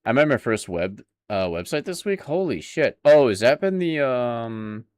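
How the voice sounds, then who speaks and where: With a mid-range, darkish voice that swings widely in pitch, a young man streams a game at a measured pace. He chats with his viewers in a laid-back way, often breaking into laughter.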